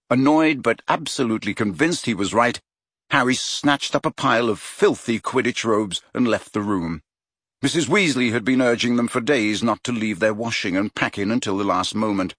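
Husky guy reading an audiobook, lively and expressive, dry close sound. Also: lowish voice, moderate pace, no room sound. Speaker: audiobook narrator. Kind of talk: scripted narration.

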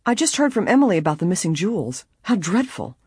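A storybook reader voicing an elderly man who runs an inn, calm, polite and a little breathy. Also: mid-range voice, fast, no room sound, clean studio sound, pitched above the performer's own voice.

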